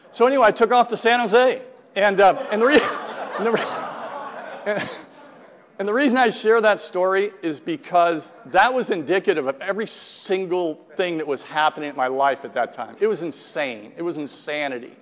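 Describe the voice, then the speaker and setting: A middle-aged man telling a rambling, self-mocking personal recovery story to a group, acting out the dialogue as he goes. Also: fairly high pitch. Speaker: speaker sharing a recovery story. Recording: long hall reverb.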